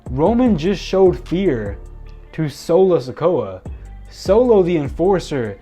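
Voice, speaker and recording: Excitable man recapping, slightly high voice. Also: takes it slowly, husky, soft background music. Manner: excitable, rambling with frequent restarts. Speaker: wrestling show reviewer. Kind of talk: casual spoken recap.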